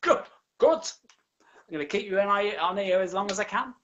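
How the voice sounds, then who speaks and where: A man's voice: sits high, normal speed, a bit bright, lo-fi sound. A man with an English accent hosting a casual video-call interview as a drag queen, cheeky and sweary, laughing often. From England.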